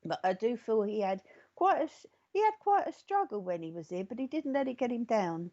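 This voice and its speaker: Sex: woman. Role: psychic medium. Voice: mellow, dull lo-fi recording. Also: fairly high pitch, big pitch swings, a little fast. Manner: reassuring, often checks in with "okay?" and "all right?". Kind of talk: live mediumship reading.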